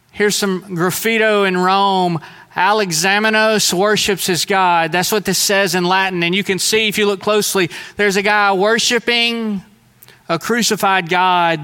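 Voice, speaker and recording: Earnest, emphatic male preacher with a bright voice. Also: fairly high pitch, clear, resonant tone. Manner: earnest, emphatic, slowing down to stress key phrases. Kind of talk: sermon.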